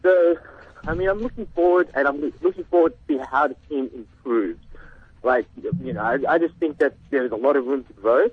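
A man's voice: a little high, a little fast, slightly rough, dry recording, phone-quality sound. A man calling in to a sports radio show, talking hesitantly with many fillers. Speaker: caller. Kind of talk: phoned-in radio chat.

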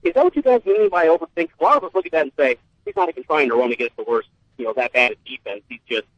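A man calling in to sports radio, rambling and halting as he asks his question. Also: a little high, expressive, dry recording. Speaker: caller. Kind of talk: call-in radio chat. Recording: dull lo-fi phone line.

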